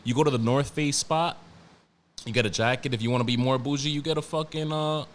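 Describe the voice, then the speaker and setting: A man's voice: medium pitch, fairly even intonation, brisk. A man hosting a solo podcast, ranting in a casual, profane and emphatic way, often repeating himself and restarting sentences. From New York. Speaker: podcast host.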